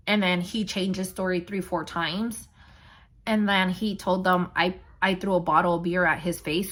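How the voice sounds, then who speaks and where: A woman's voice: lowish voice, fairly bright tone. A young woman vlogger candidly retelling a painful personal story, blunt and emotional.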